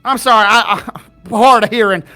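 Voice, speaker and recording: A jovial, tipsy skeleton guide, put on by a man running a tabletop game, rambling in a folksy drawl and chuckling to himself. The voice sits high and bright, with a forceful edge. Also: fairly even intonation, fairly quick, faint music behind. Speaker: game master.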